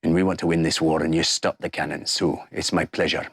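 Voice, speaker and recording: A man voicing a grateful outfitter in a tabletop game, speaking slowly and solemnly in a lowered voice. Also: flat delivery, fairly bright tone, slightly rough, no room sound, clean studio sound, exaggerated voice. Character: grateful gruff outfitter who got his son back.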